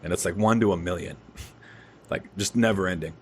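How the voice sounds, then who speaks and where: A man's voice: deep voice, a little fast, slight background noise. A young adult man hosting a podcast, telling a story in casual chat with lots of swearing. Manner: animated storytelling, swears freely. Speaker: podcast host.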